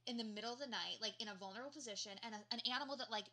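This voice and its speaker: A young woman co-hosts a casual podcast, her voice bright and slightly high. She tells stories animatedly, swearing often and slipping into quoted voices. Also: very fast. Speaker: podcast co-host. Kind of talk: casual chat.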